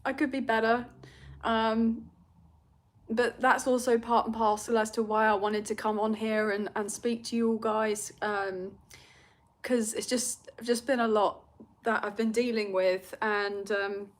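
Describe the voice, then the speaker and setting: A woman's voice: medium pitch, flat delivery, unhurried. A young British woman with a London accent, hosting a tarot livestream and chatting emotionally with viewers, rambling with fillers and nervous laughs. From Britain. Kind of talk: casual livestream chat reading comments.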